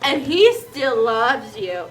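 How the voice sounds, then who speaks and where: A woman's voice: fairly high pitch, sing-song, slow, soft background music, voice pushed down. Woman doing a meddling, chirpy aunt. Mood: eager. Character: meddling gossipy middle-aged aunt.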